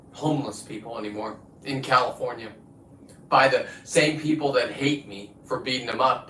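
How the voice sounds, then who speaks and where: A man's voice: medium pitch, bright, forceful tone, a little hiss or hum. Combative swearing man on a livestream. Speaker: livestream host. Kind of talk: profane livestream rant. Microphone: phone. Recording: echoey room, distant from the mic.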